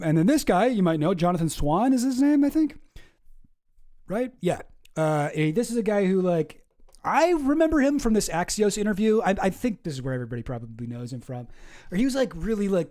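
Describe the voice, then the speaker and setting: A young man with a slightly high, mellow voice talks through a news article on his stream. He rambles loosely, restarts his sentences and swears casually. It sounds like a relaxed, off-the-cuff commentary show. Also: brisk. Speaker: streamer host.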